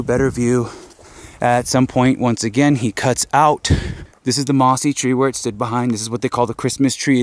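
A man hosting an outdoor walkthrough on a mountain trail, out of breath and pointing things out as he explains. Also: mid-range voice. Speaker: host, investigator. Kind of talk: casual on-site walkthrough.

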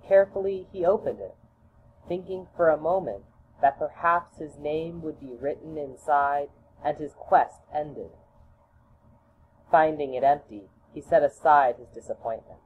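A woman reads a children's storybook aloud in a low voice, slow and deliberate. The audio is tinny and phone-like, with a faint hiss underneath.

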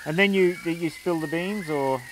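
A man interviewing a guest, encouraging him with quick affirmations. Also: on the high side. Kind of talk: interview questions. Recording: noisy background.

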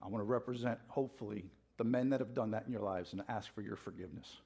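A man's voice: lowish voice, fast, gravelly, mellow, husky. A man preaching a passionate sermon in a church, getting fired up and calling out questions to the congregation. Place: church sanctuary.

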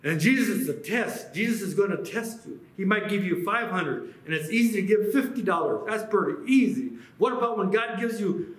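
A man from the United States preaching a sermon as pastor, animated and acting out quoted voices. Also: high-pitched, moderate pace, reverberant, rough recording.

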